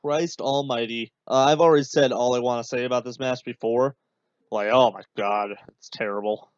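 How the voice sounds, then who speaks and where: A man's voice: medium pitch, fairly even intonation, a little fast, darkish tone, clear, resonant tone, no echo. A man hosting a podcast, talking casually over a match he is watching, rambling with many fillers and turning sarcastic and exasperated. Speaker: podcast host. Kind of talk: casual watch-along commentary. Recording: dull, dry podcast mic.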